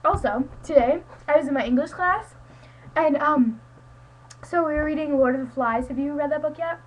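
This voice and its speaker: A woman's voice: high-pitched, normal speed, rough recording. A teenage girl chatting casually to a friend on her webcam, rambling with lots of "like" and "um". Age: teens. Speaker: student vlogger. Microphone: webcam mic.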